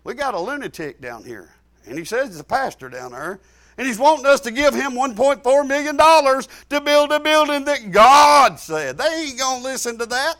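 A pastor delivers his sermon in a very high voice. His folksy talk jumps from loud, shouted lines to quiet asides. The tone is bright and forceful. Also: lively intonation, normal speed. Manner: folksy, rising to shouts then dropping low.

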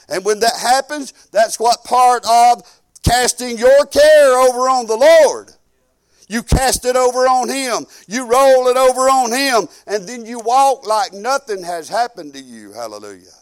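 A man preaching a sermon in a folksy, emphatic way, swinging between loud exhortation and low, quiet asides. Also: animated, a little slow, clear, resonant tone.

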